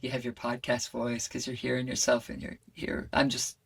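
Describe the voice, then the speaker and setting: A woman voice coach who is a guest on a podcast, talking in an expressive, animated way. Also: rumbling low, normal speed, vocal fry, slightly rough, far from the mic.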